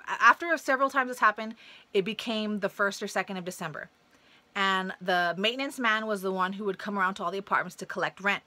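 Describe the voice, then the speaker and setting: A young woman casually telling a personal story to camera, blunt and profane, acting out the voices of people in it. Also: mid-range voice. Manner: blunt and profane, animated retelling. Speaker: vlogger.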